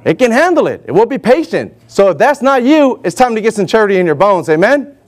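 High-voiced animated preacher man. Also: brisk. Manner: animated, acts out voices for Moses and God. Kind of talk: sermon with scripture reading. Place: warm indoor church hall.

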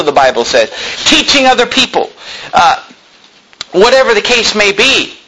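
A male pastor preaching an intense sermon, building to shouted quotes and stumbling over quick restarts. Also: sits high, big pitch swings, poor audio. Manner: intense preaching, rising to shouts when quoting, with stammered restarts. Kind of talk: fervent sermon.

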